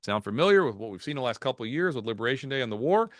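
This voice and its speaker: A man presenting a market outlook over slides in a video webinar, folksy and animated, dropping jokes and anecdotes. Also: mid-range voice, very fast, no room sound, studio quality. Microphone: video call.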